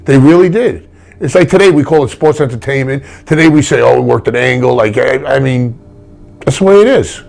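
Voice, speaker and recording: Gravelly older man telling wrestling stories. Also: medium pitch, a little fast, darkish tone. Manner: rambling, blunt, with many restarts. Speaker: retired wrestler interviewee. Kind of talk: casual storytelling in an interview.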